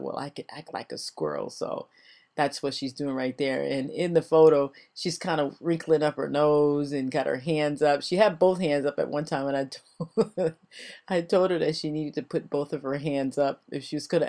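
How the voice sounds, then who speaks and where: A woman's voice: low-pitched, a little mellow. An older woman, chatty and rambling, narrating a voice-over for her craft video and laughing often. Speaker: crafting vlogger.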